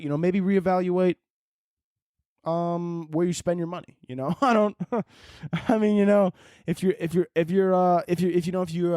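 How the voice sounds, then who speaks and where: Young man, podcast host, casual profane rant, rambling restarts, fairly high voice, dry room. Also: warm tone, dry recording.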